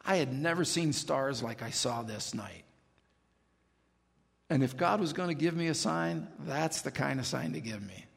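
A man's voice: on the high side, expressive, moderate pace, gravelly, fairly bright tone, husky, in a large hall. A man preaching a sermon, telling his own conversion story in an earnest, storytelling way. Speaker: pastor. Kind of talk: sermon with personal testimony.

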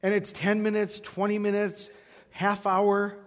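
A man's voice: high-pitched, unhurried. A man preaching a sermon, telling a story with acted-out dialogue before moving into scripture. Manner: animated storyteller acting out dialogue. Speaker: pastor. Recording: long hall reverb.

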